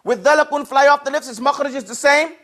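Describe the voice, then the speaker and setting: A man's voice: very high-pitched, steady tone, fast, sharp tone. A man teaching Arabic and recitation in a classroom, explaining patiently and having the class repeat each word after him. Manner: call-and-response, has the class repeat words.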